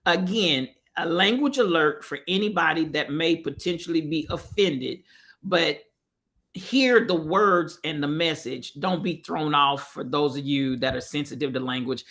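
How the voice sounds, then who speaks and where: A show host speaking casually to viewers, conversational and halting, before playing a clip. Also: mid-range voice, a bit bright. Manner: conversational, halting, with fillers and restarts. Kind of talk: casual motivational talk.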